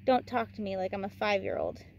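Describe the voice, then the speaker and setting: A woman's voice: mid-range voice, huge pitch swings, a little fast, vocal fry, darkish tone, a little hiss or hum. A woman reading as a defiant eleven-year-old girl. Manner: blunt, rude.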